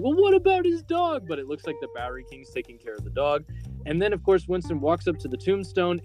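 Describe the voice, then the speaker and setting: A man's voice: on the high side, darkish tone. A man hosting a podcast, casually recapping a film's plot with lots of filler words. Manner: rambling, filler-heavy storytelling. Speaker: podcast host.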